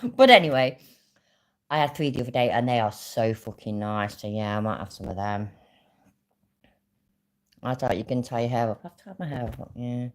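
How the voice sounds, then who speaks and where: A woman with a very deep voice hosts a livestream and rants casually but furiously about a scam, swearing a lot and sounding vexed. She's expressive, talks at normal speed, and pauses often.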